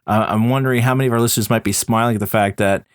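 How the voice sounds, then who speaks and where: Canadian man as podcast host, mid-pitched, thoughtful long questions, dry close sound. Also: steady tone, racing, no room sound. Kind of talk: conversational interview.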